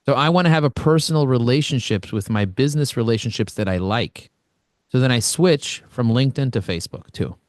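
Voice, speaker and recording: Blunt, energetic male networking coach. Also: mid-range voice, brisk, dry recording, studio quality. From Brooklyn, New York. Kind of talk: online coaching session. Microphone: video call.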